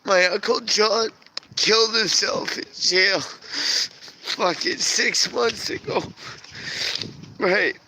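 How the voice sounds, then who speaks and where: A man's voice: high-pitched, very slow, long pauses, sharp tone. A man vlogging a rambling, agitated personal monologue, swearing constantly. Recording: noisy home recording.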